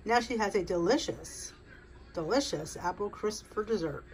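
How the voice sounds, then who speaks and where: A woman's voice: medium pitch, normal speed, slight background noise, low-quality recording. A woman hosting a home cooking video, talking viewers through a recipe in a chatty, rambling way. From United States. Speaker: cooking vlog host. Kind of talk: casual cooking demonstration.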